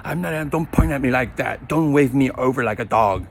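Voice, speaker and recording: A man's voice: mid-range voice, a little fast, a little hiss or hum, lightly acted. A man quoting a curt young library clerk. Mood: offended. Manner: curt, offended.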